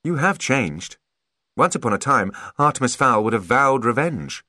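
A man voicing a sharp-tongued young female fairy officer in an audiobook, brisk and teasing. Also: mid-range voice, big pitch swings, no echo, studio quality, pitched above the performer's own voice. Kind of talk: audiobook character voice.

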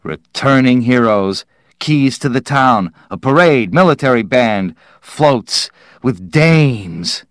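Brash, loud spaceman, storybook audiobook, voiced by a male narrator. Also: medium pitch, lively intonation, a little slow, clear, resonant tone, dry recording, studio quality, pitched above the performer's own voice, natural voice. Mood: boastful. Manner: loud, boisterous. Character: brash boastful male astronaut, loud, returning home.

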